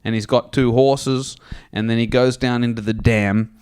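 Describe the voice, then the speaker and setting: On a comedy podcast, a drunk man rambles through crude jokes and stories in casual banter, laughing and acting out voices. His voice is medium-pitched, darkish, clear, and resonant, with fairly even intonation and a moderate pace.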